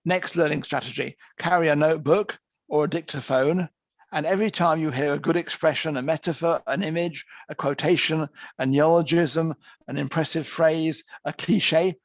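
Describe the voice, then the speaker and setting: A man teaching conference interpreters in an online lecture, speaking in lively, emphatic short phrases with some restarts. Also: fairly high pitch, normal speed, dry recording. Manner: lively, emphatic, counts out examples.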